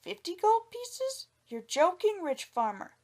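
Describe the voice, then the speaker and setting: A woman voicing a poor, clever young man who tricks a farmer with polite, calm words in a storybook reading. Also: extremely high pitch, measured pace, pitched above the performer's own voice, exaggerated voice. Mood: sly polite.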